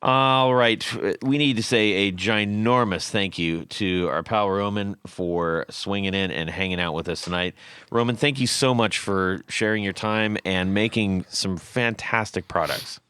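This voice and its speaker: A man's voice: on the low side, measured pace, sharp tone, clean tone, no echo. A man hosting a podcast, giving upbeat thanks and a friendly sign-off. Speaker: podcast host. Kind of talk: casual chat.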